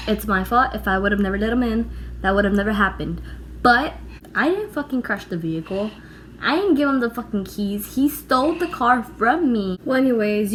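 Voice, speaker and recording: A young woman telling a storytime vlog, animated and emphatic, swearing freely. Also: sits high. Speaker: vlogger. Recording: echoey room with faint background noise.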